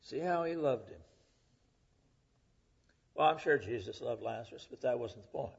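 A middle-aged male preacher delivering a sermon, rising to loud emphasis and dropping to hushed, whispered lines. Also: medium pitch, expressive, moderate pace, gravelly, husky. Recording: dull lo-fi recording.

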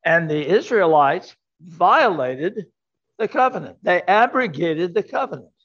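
A man's voice: sits high, big pitch swings, measured pace, a bit bright. Older male preacher, emphatic sermon. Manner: emphatic, repeats key words. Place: church sanctuary. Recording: dull lo-fi sound.

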